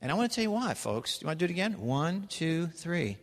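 A male pastor preaching a sermon in a church, animated and constantly prompting the congregation with questions and "okay?". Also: on the high side, fairly quick. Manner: animated, calls for congregation response, repeats "okay?". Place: church sanctuary. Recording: reverberant church hall.

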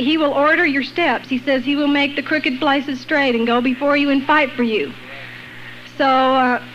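A woman with a high, bright voice tells her testimony with energy and acts out the people she quotes. The recording is dull and lo-fi. A faint hiss runs underneath. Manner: lively, acts out quoted voices, laughs between lines. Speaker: guest sharing a personal testimony. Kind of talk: animated storytelling testimony.

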